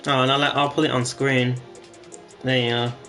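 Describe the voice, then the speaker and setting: A man's voice: mid-range voice, little pitch movement, moderate pace, sharp tone, soft background music. A man chatting casually to viewers while streaming a game, rambling and swearing now and then. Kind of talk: casual gaming stream commentary.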